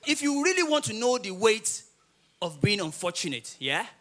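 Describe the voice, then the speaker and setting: A man with a Nigerian accent doing live stand-up comedy, telling stories with animated delivery and often laughing through his lines. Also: high-pitched, moderate pace.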